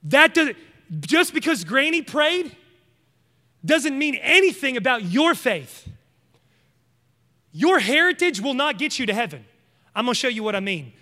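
A man's voice: very high voice, big pitch swings, measured pace, long pauses, sharp tone, in a large hall. A man preaching a sermon, emphatic and conversational, speaking straight to his congregation.

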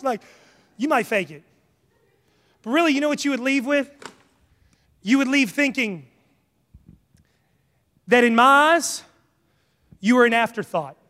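High-voiced preacher in a reverberant hall. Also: male voice. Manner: animated, conversational preaching with jokes and acted asides. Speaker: pastor. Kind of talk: sermon.

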